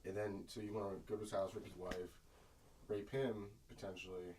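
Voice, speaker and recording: A man co-hosting a casual podcast chat in a studio, teasing in a deadpan way. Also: lowish voice, a little fast, slightly rough, low-quality recording. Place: recording studio.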